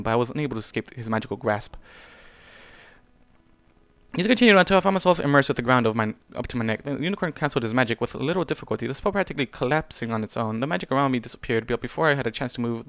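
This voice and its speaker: Man narrating fan fiction, fast, self-correcting, dry close mic. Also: medium pitch, expressive, a bit bright, no echo. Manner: first-person narration with stumbles and self-corrections. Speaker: fanfiction reader. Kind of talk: reading fanfiction aloud.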